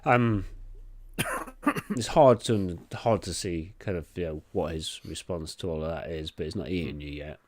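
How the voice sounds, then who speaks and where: A man's voice: deep voice, normal speed, darkish tone. A man narrating a tabletop game as game master, loose and hesitant with plenty of ums. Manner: loose, hesitant, lots of ums and kind-ofs.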